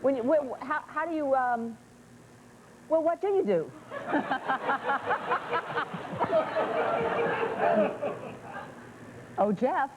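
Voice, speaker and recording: A woman's voice: sits high, animated, moderate pace, very noisy. A woman co-hosting a TV talk show in a teasing, playful way, laughing often. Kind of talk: playful morning TV chat.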